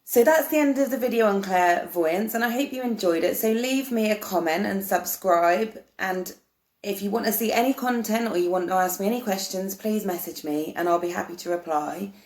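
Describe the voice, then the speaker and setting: A woman talks earnestly to camera about spiritual matters, wandering from thought to thought and restarting her sentences. Her voice sits at an ordinary middle pitch. The room around her gives the sound a noticeable echo. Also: moderate pace. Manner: earnest, meandering, many restarts. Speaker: spiritual vlogger. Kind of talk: casual spoken explanation to camera. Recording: roomy echo.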